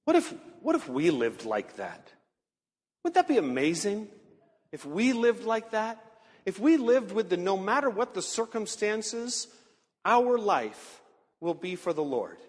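A man preaching a sermon in earnest storytelling fashion, slowing down to stress key words. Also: high-pitched, very animated. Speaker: pastor. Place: large church sanctuary. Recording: long hall reverb.

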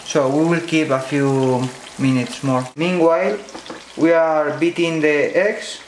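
Slow Spanish-accented man teaching a recipe. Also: on the high side, fairly even intonation, noisy background. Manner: slow, careful, non-native phrasing with fillers. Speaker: cooking channel host. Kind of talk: step-by-step cooking demonstration. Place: home kitchen. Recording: echoey kitchen with sizzling pan.

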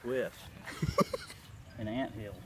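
A man's voice: lowish voice, drawn-out words, distant mic. A middle-aged man joking around with his son while playing golf, laughing often. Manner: jokey, laughing, lively. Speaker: vlogger's dad, golfer. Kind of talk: casual banter. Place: golf course outdoors. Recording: loud outdoor noise.

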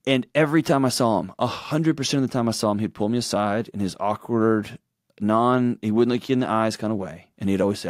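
An earnest man in his forties with a drawl, speaking at a middle pitch in a dry, close studio sound. He tells personal stories and slips into other people's voices when he quotes them. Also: a little fast, no room sound. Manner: earnest storytelling, acts out quotes in shifting voices. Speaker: guest, author and show host. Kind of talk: candid conversational interview talk.

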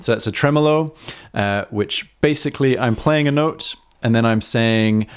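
A man's voice: on the low side, moderate pace, soft background music. A man hosting a live harmonica Q&A, explaining techniques in a chatty way, full of ums and self-corrections. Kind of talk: casual live-stream teaching.

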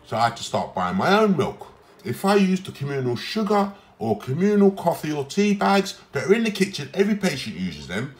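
Man, mid-pitched, animated delivery, presses his points again and again. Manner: lively, emphatic, repeats himself. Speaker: psychiatric ward patient. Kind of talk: recorded personal complaint.

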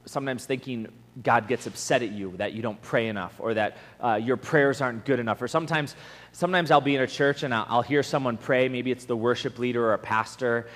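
A man giving a conversational sermon at a camp, telling stories in an animated way and acting out the voices he quotes. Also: mid-range voice, a little fast. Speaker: camp speaker, preacher. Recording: long hall reverb.

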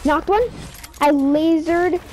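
A young woman gaming with a friend, excitable, rattling off repeated commands. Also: high voice, slow pace. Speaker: gamer. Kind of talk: excited gameplay chatter. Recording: noisy game audio behind.

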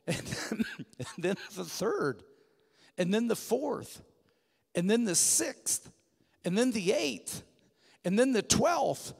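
A man preaching a sermon, telling a story animatedly and swinging from hushed to loud. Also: high-pitched, very animated, takes it slowly, vocal fry, pauses often, husky. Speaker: guest preacher. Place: church sanctuary. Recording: church hall reverb.

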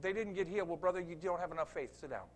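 High-voiced, fiery preacher man. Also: very fast. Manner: emphatic, swings from quiet asides to loud preaching. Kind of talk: revival sermon.

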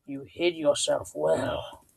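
A woman voicing a menacing male general of darkness in a video game, speaking slowly with a hushed, breathy delivery. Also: low-pitched, big pitch swings, pitched below the performer's own voice, exaggerated voice.

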